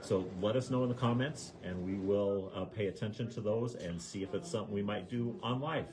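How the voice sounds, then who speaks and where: Low-voiced man, chatty sewing co-host. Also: a little fast, background noise. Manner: chatty, tells corny jokes, easy laughs. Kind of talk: casual live-stream chat.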